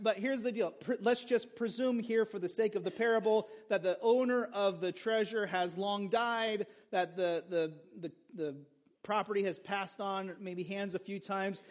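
High-pitched guy preaching, lively and chatty, acts out the story. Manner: animated, conversational, acts out characters. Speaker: pastor. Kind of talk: sermon.

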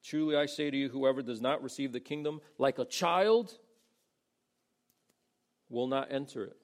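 A man's voice: medium pitch, moderate pace. A man preaching a sermon in a casual, conversational way, acting out the people he quotes. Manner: conversational, acts out quoted voices. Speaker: pastor.

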